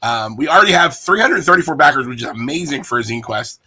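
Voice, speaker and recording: A man's voice: medium pitch, lively intonation, fast talker, pushed and bright, breathy edge. A man hosting a casual stream, playful and rambling, joking with his guest. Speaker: host. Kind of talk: casual livestream chat.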